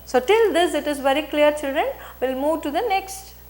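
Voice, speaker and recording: High-voiced woman teacher. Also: animated, moderate pace, a little mellow. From India. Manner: rereads and paraphrases each line, acts out the quoted speech. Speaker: English teacher. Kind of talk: explaining a story to students.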